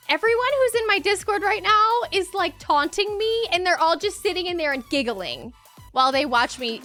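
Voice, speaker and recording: A woman hosting a live stream before a tabletop game, chatting with her viewers in an excitable, giddy way, laughing and exclaiming often. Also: very high-pitched, normal speed, faint music behind.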